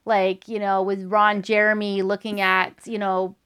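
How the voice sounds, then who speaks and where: A woman's voice: mid-range voice, little pitch movement, unhurried, crowd noise. A woman hosting a casual chat, reacting with short exclamations and laughter.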